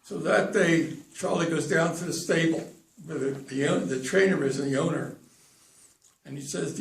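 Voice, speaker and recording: A man's voice: a little high, normal speed, creaky. Older man telling stammering jokes. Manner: stammering, repeats words. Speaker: joke teller. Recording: echoey room, far from mic.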